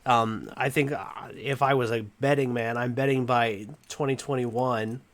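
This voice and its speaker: A man with a Southern US accent hosting a casual chat, animated and rambling, quick to laugh. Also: mid-range voice. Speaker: host.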